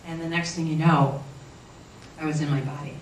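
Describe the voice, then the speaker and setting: Woman guest, earnest halting storyteller, roomy distant recording with faint noise. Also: low voice, steady tone. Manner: earnest, halting with frequent restarts. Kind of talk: personal storytelling.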